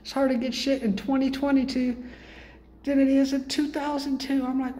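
In a warm, expressive voice at normal speed, broken by long pauses, a man delivers a comedic monologue as a self-styled sales guru. He pitches his expensive programs hard, rambling and swearing in street slang, with slight background noise.

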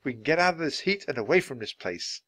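A man's voice: on the high side, animated, fast, fairly bright tone, no room sound, pitched above the performer's own voice. A man reading aloud and voicing an eager, anxious young boy who keeps calling out urgently.

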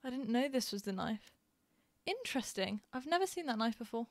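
A woman's voice: fairly high pitch, big pitch swings, brisk, no room sound. Chatty giggly young woman streamer. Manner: chatty, giggly, storytelling with many fillers. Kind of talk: casual chat while gaming.

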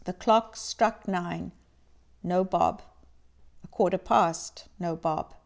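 Slow expressive lady reading a classic story aloud. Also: lowish voice, gravelly. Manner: expressive, measured narration. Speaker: reader.

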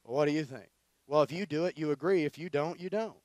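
High-voiced man preaching in a story. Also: brisk, dry recording. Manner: loose, slangy, energetic storytelling with many fillers. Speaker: conference preacher. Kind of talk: storytelling sermon.

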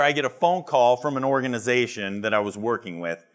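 A man's voice: mid-range voice, brisk, a bit bright. A middle-aged man giving a motivational keynote talk, telling humorous stories and acting out dialogue. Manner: humorous storytelling, acts out dialogue. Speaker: conference speaker. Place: live conference retreat.

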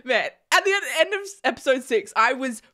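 A young woman gushes excitedly about a TV show in a casual reaction vlog, laughing often. Her voice is high and brisk, and she's recorded indoors in a small room.

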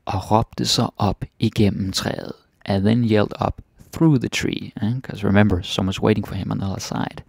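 A man's voice: fairly low pitch, steady tone, normal speed, vocal fry, a little mellow, husky, no echo, clean studio sound. A man teaching a language by reading a fairytale aloud and translating it word by word, often adding little questioning tags.

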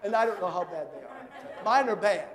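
High-voiced preacher in an echoey church. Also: male voice, normal speed, a faint crowd. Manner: animated storytelling with shouted bursts. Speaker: pastor. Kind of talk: sermon.

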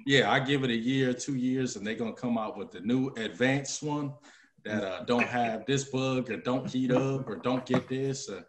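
A man guesting on a podcast over a video call, talking in a relaxed, easygoing way. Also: mid-range voice, moderate pace, roomy sound, rough recording. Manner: relaxed, easygoing, fillers like "you know, man". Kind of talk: casual chat.

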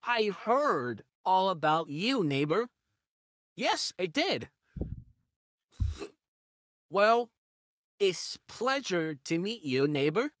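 Man doing a four-armed caterpillar vampire, soothing but menacing, shushes a lot; slow, drawn-out delivery, dry close sound. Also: high-pitched, very animated, no echo, heavily acted. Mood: coaxing. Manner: coaxing, hushing, shushing softly. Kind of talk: listener role-play audio.

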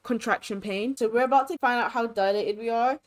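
A bubbly woman talks over her gameplay in a casual, gossipy way, with a voice pitched a little high. She runs on from one thought to the next and keeps dropping in "like". The feel is a relaxed channel host narrating her game. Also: a little fast. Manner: bubbly, lots of fillers like "like". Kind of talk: chatty game commentary.

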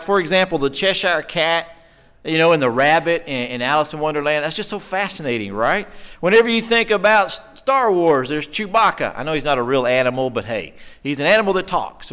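A man preaching a conversational sermon in a church, animated and chatty, often putting questions to the congregation. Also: a little high, normal speed, clear, resonant tone. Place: church sanctuary.

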